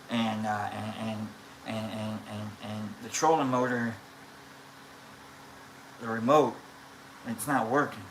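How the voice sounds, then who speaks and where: A woman on a livestream casually telling a rambling, animated story, full of restarts and fillers. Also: extremely low pitch, slow, pauses often, a little hiss or hum. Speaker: live streamer. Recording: echoey room.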